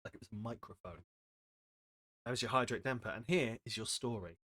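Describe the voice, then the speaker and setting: A man's voice: mid-range voice, fairly quick, long pauses, pushed and bright. A man streaming a game with casual, rambling commentary, self-mocking and full of asides.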